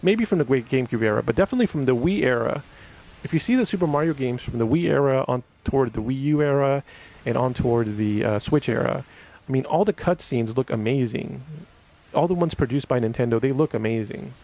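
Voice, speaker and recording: A man's voice: mid-range voice, expressive, fairly quick, darkish tone. A man chatting casually on a live stream, rambling with many fillers and restarts while reading viewer comments.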